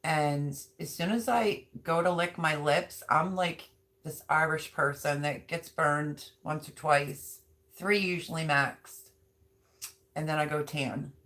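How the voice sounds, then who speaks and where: A woman's voice: low voice, slow, a bit bright. A middle-aged woman chatting casually on her home livestream, reading viewer comments aloud in a rambling way with many ums. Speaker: livestream host.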